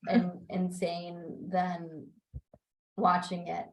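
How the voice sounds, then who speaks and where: A woman's voice: lowish voice, drawn-out words. A young woman chatting casually in a book club on a video call, telling stories with laughter and acting out her own quotes. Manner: animated, laughing, quotes herself in lively voices. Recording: roomy video call audio.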